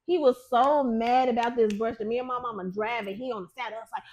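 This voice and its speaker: A woman hosting a podcast, chatting casually and telling a story with loud, acted-out quotes. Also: fairly high pitch, fast, few pauses, a little hiss or hum. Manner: animated storyteller, acts out quotes loudly; says "finna" and "type shit", casual and profane. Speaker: podcast host; nurse manager who makes content on the side. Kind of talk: casual chat.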